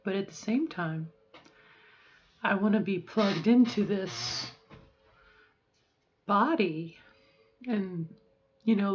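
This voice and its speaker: Middle-aged woman vlogging from home, thoughtful and halting, kinda sore strained voice, bit muffled lo-fi audio. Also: medium pitch, a little mellow, slight background noise. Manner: reflective, halting, with frequent fillers and restarts. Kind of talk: personal video diary.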